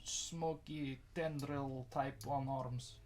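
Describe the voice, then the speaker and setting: A man's voice: medium pitch, steady tone, takes it slowly, a little mellow. Game master man, faint room noise. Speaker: dungeon master. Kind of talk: narrating a tabletop game.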